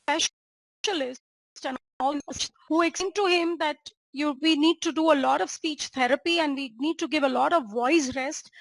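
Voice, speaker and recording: High-voiced woman lecturing. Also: fairly bright tone, dry recording. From India. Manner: engaging, checks in with listeners and asks rhetorical questions. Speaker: homeopathy doctor and teacher. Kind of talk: lecture presenting a clinical case.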